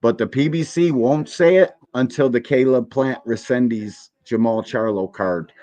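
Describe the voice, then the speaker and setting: A man's voice: mid-range voice, moderate pace, muffled recording. A man hosting a live boxing stream, cursing freely and mocking what he watches as he reacts to a clip. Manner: profane, mocking, animated. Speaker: boxing podcast host.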